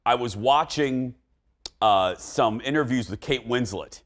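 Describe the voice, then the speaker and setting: A man's voice: mid-range voice, measured pace, fairly bright tone. A man hosting a studio talk show, chatty and self-deprecating.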